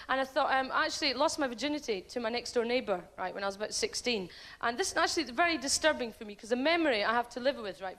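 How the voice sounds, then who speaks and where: Fast-talking British comedienne. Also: female voice, a little high, a bit bright. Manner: frank, confessional, crude. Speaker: stand-up comedian. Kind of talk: stand-up comedy set. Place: large theatre stage.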